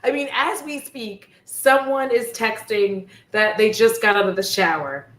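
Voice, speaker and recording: A woman's voice: medium pitch, measured pace, a bit bright. A woman in casual chat, telling stories animatedly and acting out exchanges, with frequent swearing. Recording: echoey room with faint noise.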